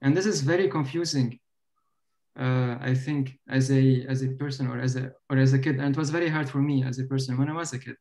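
A man's voice: medium pitch, steady tone, fairly quick, darkish tone, poor audio. Guy hosting a zoom panel, mid voice, keeps stopping and restarting his sentences. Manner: hesitant, many restarts, laughs easily. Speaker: panel host. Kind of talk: casual panel discussion over video call. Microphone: video call.

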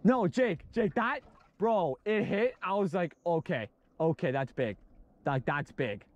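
A young man filming a fishing trip outdoors from a boat, chatting casually and repeating himself in excited bursts. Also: high-pitched, a little slow, lo-fi sound. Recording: loud outdoor noise.

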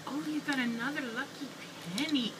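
A woman's voice: high-pitched, steady tone, moderate pace. A woman vlogging with her young son, talking to him in a playful, sing-song way. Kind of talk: casual home video chat. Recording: noisy home video recording.

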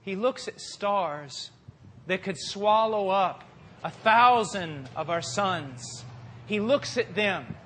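Impassioned high-voiced male preacher. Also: animated, slow pace. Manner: impassioned, swings from quiet to forceful. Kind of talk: sermon.

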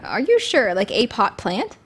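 A young woman with a fairly high voice chats playfully while she games. Her pitch swings widely as she talks. She reads out viewer questions in a bouncy, animated way. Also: measured pace, breathy edge. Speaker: gaming streamer. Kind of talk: casual gameplay chat.

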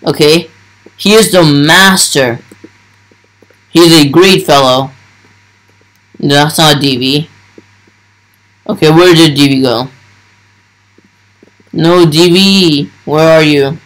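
A young man narrates his gameplay in a starstruck rush, piling one exclamation onto the next. His voice sits a little higher than most men's. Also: takes it slowly, long pauses, fairly bright tone, rough recording. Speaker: gaming YouTuber. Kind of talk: excited gameplay commentary.

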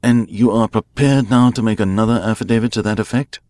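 A man reading a classic mystery aloud, voicing a grave male detective who explains his case and cross-examines forcefully. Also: lowish voice, brisk, no room sound, voice pushed up, close to an everyday voice. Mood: interrogating. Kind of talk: audiobook character voice.

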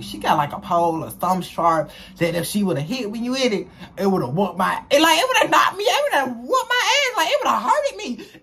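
With a medium-pitched voice carrying a breathy edge, a young woman recounts a school-days story to her viewers in a casual chat. She keeps it animated and chatty, leaning on slang.

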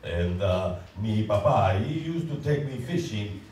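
A man's voice: fairly low pitch, expressive, darkish tone, slight background noise. A man doing a fake Latin charmer. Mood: bluffing. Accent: put-on Spanish-style accent. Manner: halting, full of uh fillers, mangled grammar. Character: smooth-talking male suitor faking a Latin accent. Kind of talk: community stage musical acting. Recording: echoey hall from far off.

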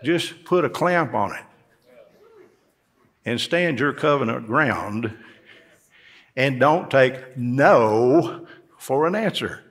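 A man's voice: mid-range voice, animated, takes it slowly, long pauses, a bit bright. A male pastor delivering a sermon in a church, folksy in tone and rising emphatically on key words. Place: church sanctuary.

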